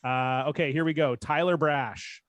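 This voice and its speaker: A man's voice: a little high, normal speed, no echo. A man hosting a live podcast, chatting casually with dry, joking asides. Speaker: podcast host.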